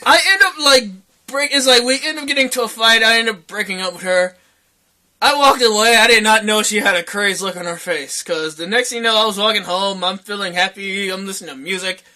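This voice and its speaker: A young man co-hosting a casual podcast, telling a wild story in an animated way, acting out the quoted voices and swearing freely. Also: sits high, fairly quick. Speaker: podcast co-host.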